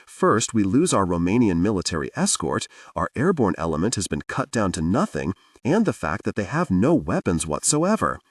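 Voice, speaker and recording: A man's voice: deep voice, sing-song, moderate pace, few pauses, breathy edge, no room sound, far from the mic, heavily acted. A man voicing a worried, weary male agency director in an audiobook.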